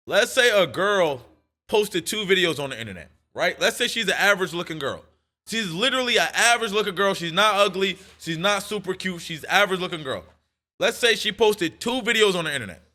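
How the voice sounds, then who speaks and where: A man's voice: sits high, pushed and bright. A man streaming live and reacting to clips, making emphatic points full of profanity and repeating them again and again.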